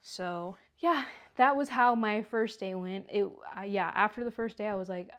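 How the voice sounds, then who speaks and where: A woman's voice: medium pitch, moderate pace, hardly any pauses, a bit bright. A young woman tells a story in a loose, rambling storytime manner. She keeps dropping "like" between her thoughts as she goes. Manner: rambling, heavy use of "like". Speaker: vlogger. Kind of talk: casual storytime.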